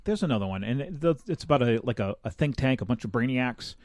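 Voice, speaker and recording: A man's voice: mid-range voice, a little fast, dry recording. A male podcast host with a mid-range voice that swings up and down a lot as he reads out strange news. He cracks jokes and laughs along the way. The sound is dry and close. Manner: animated, laughs often, jokey asides. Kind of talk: casual chat.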